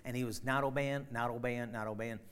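A man preaching a sermon, retelling a story in a loose, conversational way with many fillers and sudden loud, emphatic bursts. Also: medium pitch, fairly even intonation, a little fast, clean tone. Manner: frequent fillers and restarts, conversational.

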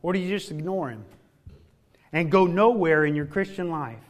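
A man delivers a folksy sermon at a moderate pace, swinging from loud, emphatic lines down to hushed, low ones and drawing out key words for weight.

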